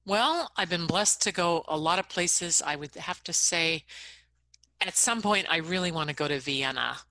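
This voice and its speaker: A woman co-hosts a relaxed conversation and gushes enthusiastically about the things she loves. Her voice sits very low but has a bright, forward tone. She talks in a warm, eager way. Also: normal speed, dry recording. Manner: enthusiastic, gushing about favorites. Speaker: co-host. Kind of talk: casual chat.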